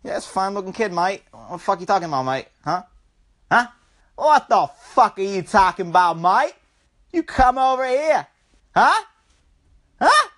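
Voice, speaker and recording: A brash Australian bloke, put on by a speaker who taunts and goads. The put-on accent is broad, and the delivery is confrontational. The pitch swings around a lot as he pushes. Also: big pitch swings, moderate pace, long pauses, fairly bright tone. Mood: taunting. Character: aggressive Australian bloke picking a fight.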